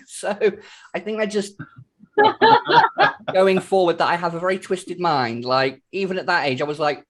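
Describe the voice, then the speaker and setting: A man's voice: high voice, very animated, a little slow, long pauses, fairly bright tone. A man chats casually as an interview guest. He tells his stories freely and laughs often. The sound comes through a video call. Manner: chatty storyteller, laughs often.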